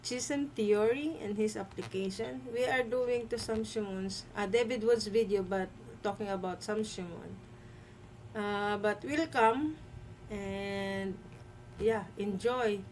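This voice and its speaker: Slow, hesitant woman hosting a livestream. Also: medium pitch, darkish tone, a little hiss or hum, rough recording. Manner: hesitant, many fillers and restarts. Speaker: livestream host. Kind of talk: livestream commentary.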